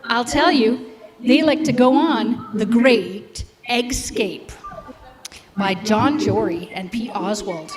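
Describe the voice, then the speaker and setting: Woman reading a kids book at church, high lively voice, big hall echo. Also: slow, a crowd in the background. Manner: lively, playful. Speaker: storyteller at a congregation. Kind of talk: reading a picture book aloud. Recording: echoey hall.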